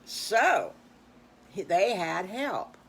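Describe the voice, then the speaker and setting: An older woman telling an improvised children's story in a folksy, rambling, animated way. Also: mid-range voice, extremely slow, slight background noise, low-quality recording. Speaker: storyteller grandmother.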